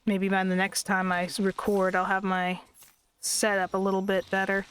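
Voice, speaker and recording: Speaking in a mid-range voice with a completely flat delivery, this let's player keeps up chatty commentary, complaining about lag and poking fun at herself. Her moderate-paced, fairly bright voice comes through clean on a computer desk mic.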